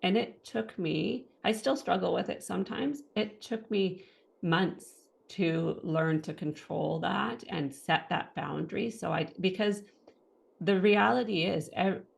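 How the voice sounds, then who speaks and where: A woman in her thirties, a guest in an interview, telling her own story in lively fashion and acting out what others said and thought. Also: on the low side, measured pace, vocal fry. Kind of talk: personal testimony in an interview.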